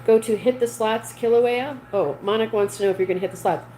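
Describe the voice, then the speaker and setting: A woman with a slightly high, dark-toned voice speaks quickly while hosting a casual livestream, chatting with viewers and reading their comments aloud. The audio is poor, with a little hiss or hum.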